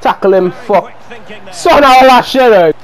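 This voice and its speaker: A young man narrates his own football video game match in a loose, profane running commentary. His voice sits high and leaps all over the place, breaking into shouts whenever the play turns. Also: a little slow, low-quality recording. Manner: excitable, swears often and shouts at the players. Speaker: gaming video creator.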